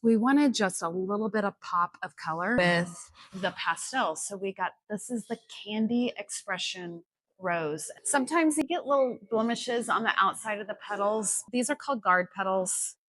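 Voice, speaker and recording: Woman, middle-aged, florist tutorial, friendly chatty explainer, mid pitch, dry sound. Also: lively intonation, moderate pace, a bit bright, no echo. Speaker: florist demonstrating a flower arrangement. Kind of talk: hands-on tutorial. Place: indoors at home, music playing in another room.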